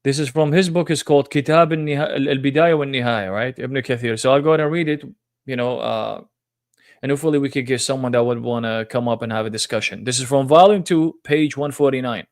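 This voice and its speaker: A man's voice: mid-range voice, fast, no echo, studio quality. Combative man hosting a live debate. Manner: confrontational, mocking. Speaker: debate livestream host. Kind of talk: live-streamed religious debate.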